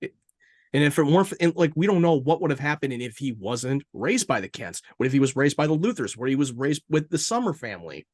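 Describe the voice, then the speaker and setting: A man co-hosting a casual review podcast, excitable, swearing freely and tripping over his words. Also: medium pitch, fast talker, no room sound. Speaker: podcast co-host.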